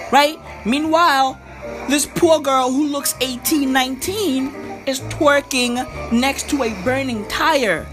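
Young woman ranting in profane slang for a comedy bit, high voice, slow delivery. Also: music in the background. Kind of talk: comedic character monologue.

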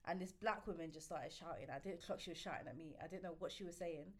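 A young woman, a podcast co-host telling a story in casual, slangy, animated chat, repeating herself. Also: fairly low pitch, fast.

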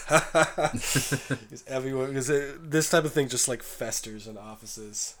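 American guy, voice shot from being sick, hoarse, chill wry podcast chat. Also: medium pitch, steady tone, slow pace, noisy background. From United States. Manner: laughs often, wry and easygoing. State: hoarse, voice mostly gone from a cold. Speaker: podcast co-host. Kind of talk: casual chat.

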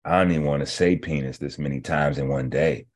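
A man hosting a health show, lecturing bluntly and profanely in a casual rant, slowing down to explain points step by step. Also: a bass voice, fairly even intonation. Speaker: host of a natural health show. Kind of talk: ranting casual commentary.

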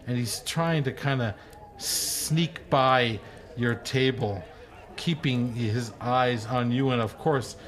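A man's voice: mid-range voice, fairly bright tone. A man narrating a tabletop game as game master, loose and hesitant with many fillers.

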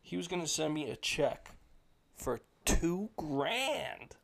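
A man's voice: on the high side, sing-song, takes it slowly, creaky, a bit bright, slight background noise. A young man co-hosting a casual podcast, telling a crude, mocking story with lots of energy. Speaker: podcast co-host. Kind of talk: casual chat.

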